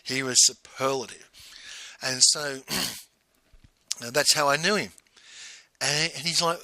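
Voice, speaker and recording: A middle-aged man telling a personal story in a casual monologue, animated and acting out both sides of the remembered dialogue. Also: mid-range voice, slow pace, long pauses, no echo.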